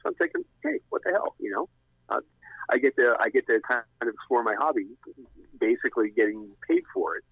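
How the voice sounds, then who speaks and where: Speaking on a phone with a tinny, dry quality, a middle-aged man spins a lengthy story as a guest. His medium-pitched voice is animated and brisk with a breathy edge, and he rambles and restarts often.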